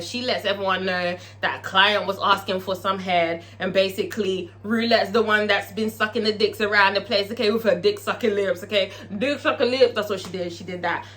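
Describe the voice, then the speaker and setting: A woman giving a casual, profane, animated recap of a TV episode and laughing often. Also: mid-range voice. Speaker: TV episode reviewer.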